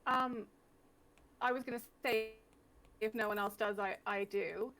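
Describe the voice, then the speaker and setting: A woman's voice: on the high side, steady tone, unhurried, fairly bright tone. Woman, tabletop player, hesitant, restarts. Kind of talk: casual tabletop game talk.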